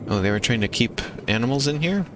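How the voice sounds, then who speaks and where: A man's voice: medium pitch, lively intonation, fast, background noise. A man streaming a video game live, musing wryly as he plays.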